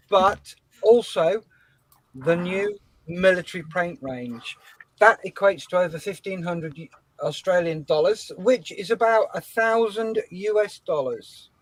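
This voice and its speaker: A man co-hosting a live charity auction, brisk and direct. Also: high voice, no room sound, rough recording. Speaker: auctioneer co-host. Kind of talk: casual live-stream chat.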